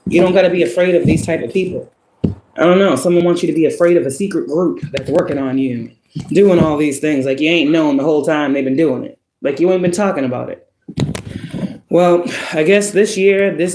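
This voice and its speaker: A man's voice: a little high, moderate pace, reverberant, background noise. Swearing, laughing male tarot reader. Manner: profane, emphatic, laughs often. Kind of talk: casual spoken tarot reading.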